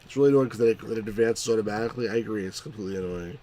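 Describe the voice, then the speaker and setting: A man's voice: on the low side, racing, hardly any pauses, warm tone, slight background noise. A man hosting a game stream, chatting casually and reading out game dialogue in put-on voices. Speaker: let's play host. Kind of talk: casual chat, reading game lines aloud.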